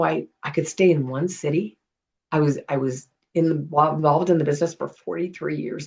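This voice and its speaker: A middle-aged woman with a gravelly, husky voice tells stories as an interview guest. She talks in an animated way and acts out the people she quotes. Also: sits low, poor audio. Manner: animated storyteller acting out quotes. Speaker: guest, retired television producer. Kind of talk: casual storytelling interview.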